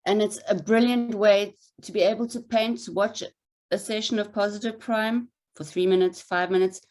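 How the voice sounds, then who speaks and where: A woman artist joins a video call as a guest and speaks with enthusiasm. Her pitch sits in the middle range. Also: steady tone, normal speed, darkish tone. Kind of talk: casual video call chat.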